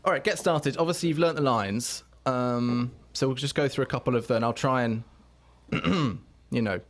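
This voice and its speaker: A man's voice: medium pitch, moderate pace, natural voice. A man playing a flustered film director in a comedy sketch, polite but exasperated. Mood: politely strained.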